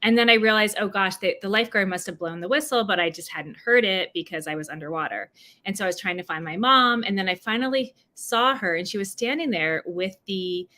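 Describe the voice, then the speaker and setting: Being interviewed over a video call for a livestreamed book event, this New Jersey author responds with plenty of fillers and restarts. She speaks fairly quickly in a mid-range voice that sounds bright and forceful.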